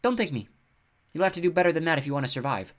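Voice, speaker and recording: A man's voice: fairly high pitch, sing-song, fast talker, voice pushed up. Man putting on a haughty huntress goddess. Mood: scornful. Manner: scornful and blunt.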